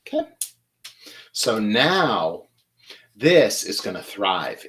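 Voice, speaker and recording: A man's voice: mid-range voice, background noise. A man hosting a live flower-care tutorial, chatting while he works at a table and repeating his tips for emphasis. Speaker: florist host.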